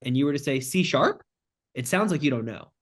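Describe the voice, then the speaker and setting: A direct, upbeat man talking shop on a podcast as a guest. He jokes around easily and slips into quick acted snippets of phone calls to make his points, at a voice neither high nor low. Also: expressive. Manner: direct, joking, acts out phone lines. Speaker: sales closing expert guest. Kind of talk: casual podcast chat.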